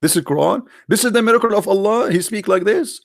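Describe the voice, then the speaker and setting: A man hosting sarcastic religious commentary, mocking and repetitive, in halting non-native English. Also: sits high, animated, vocal fry, dry recording, clean studio sound. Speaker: religious debate host.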